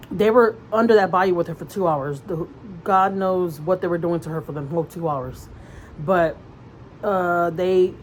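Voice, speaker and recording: A woman's voice: lowish voice, slight background noise, poor audio. A woman vlogger retelling a story in casual chat, rambling with fillers and restarts, earnest and conversational. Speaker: mother vlogger.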